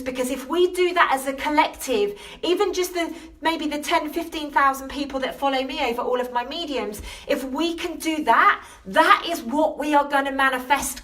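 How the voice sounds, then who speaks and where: A woman's voice: on the high side, a bit bright, far from the mic. A woman from the UK hosting a live stream as a self-love coach. She talks straight to her viewers, earnest and emotional, and repeats her questions over and over. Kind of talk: impassioned motivational live stream. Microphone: phone or webcam on a social live stream.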